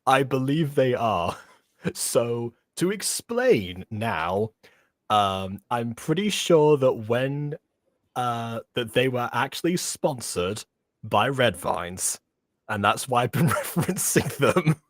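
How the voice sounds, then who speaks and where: Man, casual reviewer, chatty and laughing, lively voice. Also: medium pitch, takes it slowly, no room sound. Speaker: reviewer co-host. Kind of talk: casual chat reacting to a musical.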